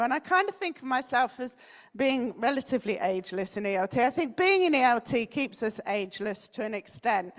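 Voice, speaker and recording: A woman from North London with a standard British accent, giving a chatty conference talk and putting questions to the audience. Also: on the high side. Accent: standard British English. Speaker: conference speaker. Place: conference hall.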